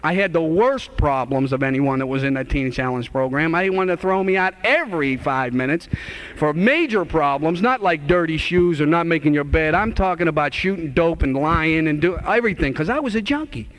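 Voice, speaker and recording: A man in his forties giving an earnest, animated testimony. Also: on the high side, fairly quick. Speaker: guest speaker sharing testimony. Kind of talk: testimony talk.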